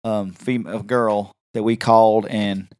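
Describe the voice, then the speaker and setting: A man's voice: fairly low pitch, little pitch movement, a little slow, a little mellow, clean tone, no echo. A man, co-hosting a podcast and telling rambling stories in casual chat. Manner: rambling, with many restarts and fillers. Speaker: podcast co-host.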